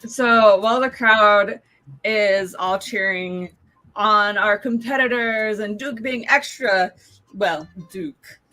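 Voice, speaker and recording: A woman playing a tabletop game, explaining her character's actions in an unhurried way with laughter. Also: medium pitch, pushed and bright, soft background music. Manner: unhurried, laughing, thinking aloud. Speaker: player. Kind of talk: casual tabletop play.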